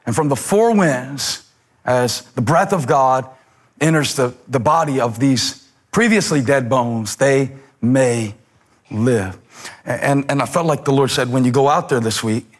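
A male pastor preaching a sermon in a rhythmic cadence, repeating phrases for emphasis and dropping to a hush on key words. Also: medium pitch, animated, unhurried.

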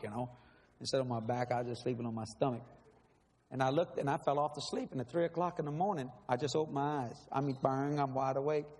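This man, whose voice is mid-range with a darkish tone, preaches a sermon built around his personal testimony, speaking dramatically and emphatically while laughing often. The recording carries a long hall reverb and a faint hiss in the background.

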